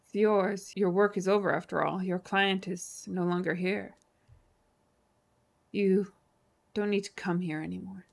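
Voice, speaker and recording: A woman's voice: mid-range voice, steady tone, unhurried, gravelly, long pauses. Bitter, guarded woman in a game. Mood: curt. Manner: cold, clipped and weary. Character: bitter, guarded woman grieving her lost dog. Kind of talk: video game voice acting.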